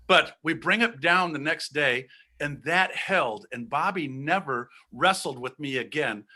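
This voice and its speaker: A man from Ohio telling a personal story as a guest storyteller, animated and acting out the voices of the people in it. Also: fairly high pitch. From Ohio, USA.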